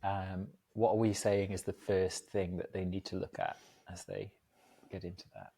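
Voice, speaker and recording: Low-voiced chatty podcast host. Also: male voice, little pitch movement, normal speed, vocal fry, mellow, husky. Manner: chatty, laughs easily, rambling asides. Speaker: podcast host, agency co-founder. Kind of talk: casual podcast chat.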